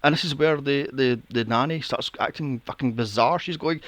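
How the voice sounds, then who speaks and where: A man hosting a podcast, recapping a film plot in a casual, animated way, swearing often and acting out his own reactions. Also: mid-range voice, normal speed, few pauses, no room sound. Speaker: podcast host.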